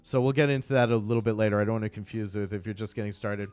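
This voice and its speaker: A man's voice: fairly low pitch, fairly even intonation, racing, darkish tone, clear, resonant tone, no room sound, faint music behind. A man chatting casually on a game live stream, upbeat and greeting viewers by name.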